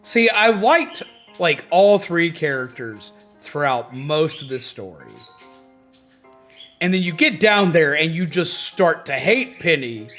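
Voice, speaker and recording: A man livestreaming a video game rants in casual, swear-heavy commentary, animated and profane. His voice is fairly high and slow-paced, with faint music in the background.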